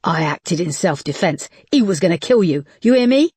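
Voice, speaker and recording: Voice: medium pitch, brisk, darkish tone, no echo, close to an everyday voice. An audiobook narrator voicing a young man who insistently pleads and justifies himself, in a dry recording. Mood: pleading. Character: young man, protective, intense, urgent. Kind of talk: audiobook character voice.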